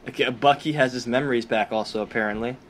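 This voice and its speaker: A man's voice: mid-range voice, fairly even intonation, fast. Laughing man, faint hum behind. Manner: laughs often, many fillers like "like". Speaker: podcast co-host. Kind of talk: casual chat.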